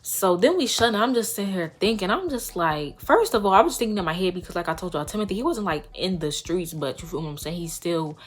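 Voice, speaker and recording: A woman's voice: fairly low pitch, fast, hardly any pauses. A young woman vlogger telling a story in a casual, slangy way and talking straight to her viewers. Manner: animated, slangy, addresses viewers directly.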